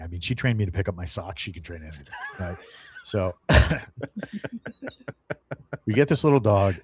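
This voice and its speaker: A middle-aged man, a dog handler appearing as a podcast guest, telling stories in an animated, rambling way with many fillers and restarts. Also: on the low side, husky. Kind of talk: casual podcast storytelling.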